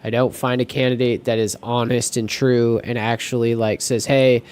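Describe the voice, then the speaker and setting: A man's voice: medium pitch, flat delivery, moderate pace, darkish tone, clear, resonant tone. Rambling man in casual podcast chat. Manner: rambling, many fillers and restarts. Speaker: podcast co-host.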